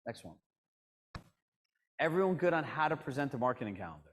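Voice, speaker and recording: A man coaching real estate agents at a live workshop. He talks in an animated way and acts out the people in his stories. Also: mid-range voice, brisk, slight background noise. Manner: animated storyteller, acts out quotes. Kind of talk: workshop teaching.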